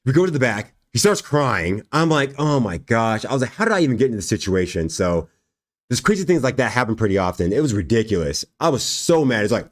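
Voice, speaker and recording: A man's voice: mid-range voice, brisk. A young man hosting a livestream, casually telling a story and acting out the dialogue with frequent laughs. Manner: animated, acts out quoted dialogue, laughs often. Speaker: livestream host and fighter.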